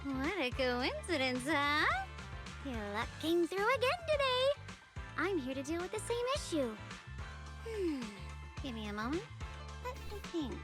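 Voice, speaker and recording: A chirpy game enforcer. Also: female voice, very high-pitched, big pitch swings, measured pace, long pauses, exaggerated voice. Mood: breezy. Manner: chirpy, teasing. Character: breezy young woman enforcer, cheerful. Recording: game audio with music.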